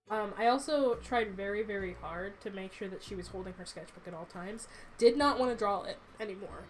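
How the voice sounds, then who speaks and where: A woman's voice: medium pitch, a little fast, a little hiss or hum. A young woman who creates a webcomic, chatting and rambling casually on a livestream as she reads her comic. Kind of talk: casual livestream read-through.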